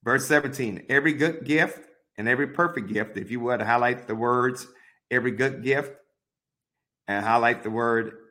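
Man leading a slow Bible study. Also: medium pitch, sharp tone. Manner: slow, deliberate, repeating instructions. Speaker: pastor.

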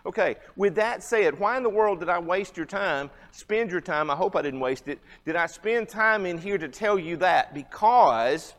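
High-voiced man teaching a church class. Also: lively intonation, moderate pace, hardly any pauses, fairly bright tone. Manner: conversational, asks the audience questions. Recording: long hall reverb.

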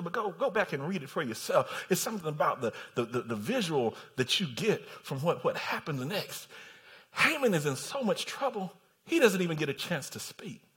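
Man, preacher, high bright voice, lively delivery, shouts and hushes. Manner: animated storytelling, swings from shouts to hushed tones. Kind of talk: sermon.

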